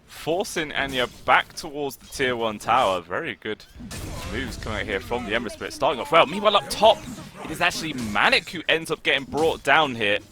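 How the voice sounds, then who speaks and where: A man giving live play-by-play commentary on an esports match, getting excitable and rising on big plays. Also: medium pitch, brisk, music in the background. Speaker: esports caster.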